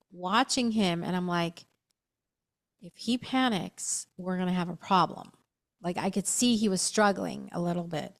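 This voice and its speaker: A woman chatting casually as co-host, telling a story with lively, acted-out quotes. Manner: animated, acts out quotes with big pitch jumps. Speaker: QHHT practitioner, co-host.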